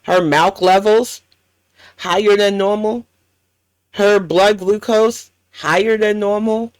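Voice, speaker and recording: A woman's voice: medium pitch, fairly even intonation, takes it slowly, clear, resonant tone, no echo. A woman hosting a reaction commentary, ranting bluntly and swearing often. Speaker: commentary channel host.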